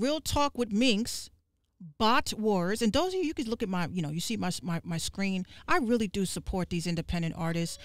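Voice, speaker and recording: A woman podcast host ranting on a livestream, profane and fiery, with quick asides to her viewers. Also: mid-range voice, no echo. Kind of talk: livestream rant.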